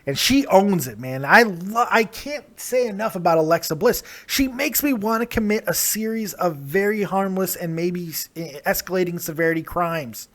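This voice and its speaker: A man hosting a live call-in wrestling review show, excitable, laughing often and swearing freely. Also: high-pitched, moderate pace, few pauses. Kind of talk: casual wrestling talk.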